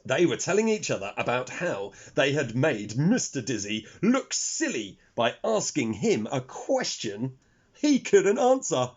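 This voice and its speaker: Male storyteller for children; unhurried, husky, very lively pitch. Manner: expressive, talks to young listeners. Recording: dull lo-fi recording.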